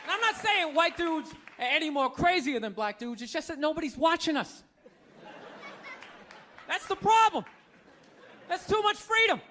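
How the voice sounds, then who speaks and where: Male stand-up, profane incredulous ranter, high bright tone, live stage mic. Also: very animated, moderate pace, long pauses, some chatter behind, slight background noise. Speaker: stand-up comedian. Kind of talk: stand-up comedy set. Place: theater stage before a laughing audience. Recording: live stage set with audience.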